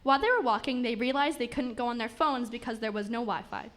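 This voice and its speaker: A woman's voice: on the high side, fast. Woman narrating a comic story. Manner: steady reading with small stumbles and restarts. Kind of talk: reading a comic story aloud.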